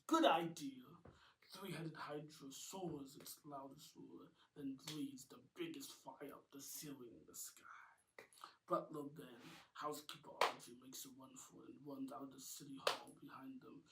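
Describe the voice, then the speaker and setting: Man narrating a homemade cartoon, halting. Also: mid-range voice, fairly even intonation, vocal fry. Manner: halting reading with restarts. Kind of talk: amateur cartoon narration read aloud. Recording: echoey room, distant mic, noisy.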